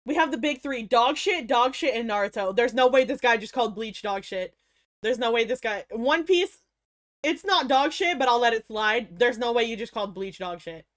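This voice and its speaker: A woman's voice: fairly high pitch, expressive, moderate pace. A young woman livestreamer chatting casually with her viewers, swearing freely, laughing often and playing up mock outrage. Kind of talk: casual stream chat.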